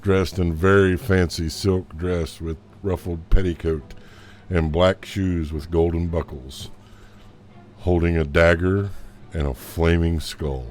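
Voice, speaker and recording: A man running a tabletop game as game master, narrating in a slow, low-key way. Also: steady tone, darkish tone, a little hiss or hum.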